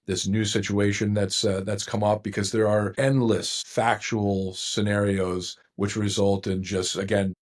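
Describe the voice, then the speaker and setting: A middle-aged man, a divorce attorney guest on a podcast, talking at length in a rambling, self-correcting way. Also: on the low side. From United States. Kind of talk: conversational podcast interview.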